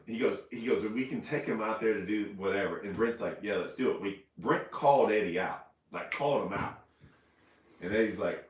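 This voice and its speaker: A man's voice: on the low side, fairly quick, far from the mic. A man telling a rambling, laughing story on a casual livestream, recorded in an echoey room away from the mic. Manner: rambling, laughing, repeats himself. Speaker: fishing show host. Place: indoors, house room.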